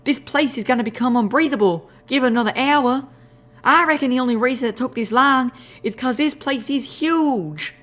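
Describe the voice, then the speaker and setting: A man voicing a male pony whose voice has gone high and squeaky, talking in a gruff country drawl. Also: normal speed, a bit bright. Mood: urgent. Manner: gruff, grumbling, folksy drawl. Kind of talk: audiobook character voice.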